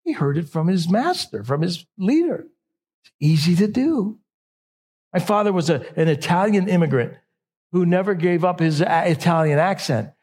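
A man's voice: high voice, expressive, moderate pace, darkish tone. A middle-aged man preaching a sermon in a conversational way, often correcting himself mid-sentence. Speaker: pastor.

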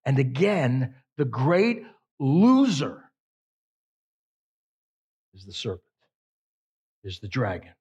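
A pastor preaching a sermon with emphatic delivery, repeating phrases for effect. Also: male voice, mid-range voice, huge pitch swings, slow, pauses often, darkish tone, slightly rough.

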